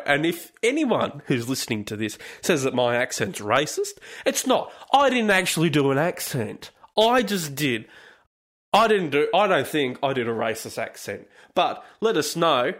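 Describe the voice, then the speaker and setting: A man's voice: fairly high pitch, big pitch swings, normal speed, a bit bright. A man hosting a casual solo podcast, commenting on news in a profane, rambling, jokey way. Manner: profane, laughing, wandering commentary. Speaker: podcast host.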